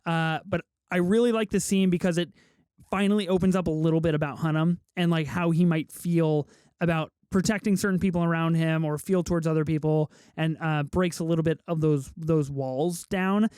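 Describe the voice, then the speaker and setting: Smooth higher-pitched guy running a podcast, casual, swears some. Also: steady tone, brisk, darkish tone, dry recording, studio quality. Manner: leads discussion, swears casually. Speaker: podcast host. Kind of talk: casual chat.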